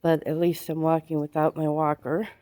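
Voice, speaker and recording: A woman's voice: low-pitched, little pitch movement, moderate pace, dry recording. A woman vlogging while walking outdoors, out of breath and with a cold, chatting in a rambling, easygoing way. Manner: chatty, rambling, laughs softly. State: has a cold. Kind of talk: casual vlog chat while walking. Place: outdoors on a sidewalk.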